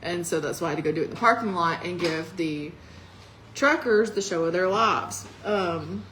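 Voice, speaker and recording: A woman's voice: lowish voice, moderate pace, fairly bright tone, poor audio. Teasing female comic with background noise. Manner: laughs easily, teasing. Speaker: headlining comedian. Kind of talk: casual chat.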